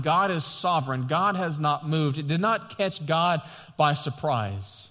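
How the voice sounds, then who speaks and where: A male pastor preaching a sermon, building to emphatic, repeated cries and then dropping back to calm teaching. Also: a little high, in a large hall. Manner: preaching with rising, emphatic passion and repetition.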